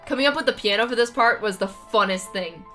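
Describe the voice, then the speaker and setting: A woman's voice: fairly high pitch, brisk, pushed and bright, faint music behind. A young American woman chatting casually with viewers on a livestream, rambling with lots of fillers. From United States.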